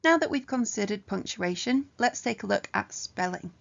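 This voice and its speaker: A woman teaching an exam revision lesson, explaining punctuation rules clearly and methodically with examples. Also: mid-range voice, expressive, moderate pace, muffled recording. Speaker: English tutor.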